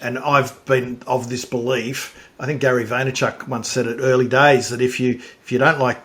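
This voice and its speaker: A man's voice: medium pitch, flat delivery, moderate pace, fairly bright tone. A man hosting a podcast interview, talking casually with frequent restarts and fillers. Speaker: podcast host.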